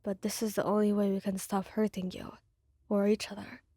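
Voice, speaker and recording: Pleading gentle young man, voiced by a woman. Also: medium pitch, little pitch movement, fairly quick, slightly rough, no echo, clean studio sound, voice pushed down. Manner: quiet, breaking, pleading.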